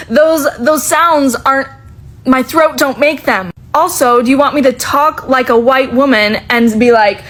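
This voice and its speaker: Woman, high voice, casual vlog rant, exasperated, profane, loud outbursts. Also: moderate pace, poor audio. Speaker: social media creator.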